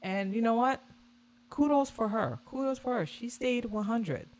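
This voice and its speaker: A woman vlogger giving casual reaction commentary on a video, animated and scornful, repeating her points. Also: fairly high pitch, a little slow.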